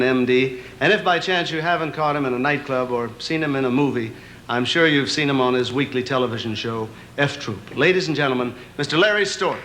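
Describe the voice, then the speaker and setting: A man's voice: mid-range voice, a bit bright, slight background noise, rough recording. A man hosting a television variety show, introducing and chatting easily with a guest. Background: studio audience.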